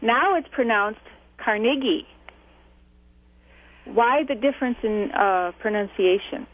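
A woman calls in to a radio show on a tinny phone line. She is chatty and laughs easily. Her voice sits fairly high. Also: normal speed. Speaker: caller. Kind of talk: call-in chat. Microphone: telephone.

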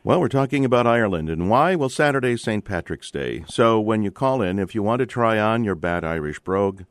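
A man hosting a public radio call-in show, relaxed and chatty, with frequent fillers and restarts. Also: lowish voice, brisk, smooth, dry recording. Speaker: radio talk show host. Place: radio studio.

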